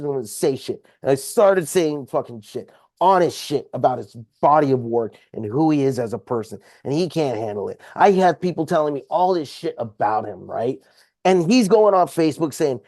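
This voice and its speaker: A man's voice: a little high, mellow, dry recording, clean studio sound. A man telling a heated story about a confrontation with lots of swearing, speaking casually as a podcast guest. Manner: profane, heated retelling of a confrontation. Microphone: podcast microphone.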